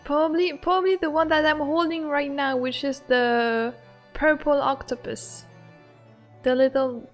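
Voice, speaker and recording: Giggly, high-voiced woman streamer. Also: measured pace, soft background music. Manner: excitable and giggly, with playful squeals. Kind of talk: casual game commentary.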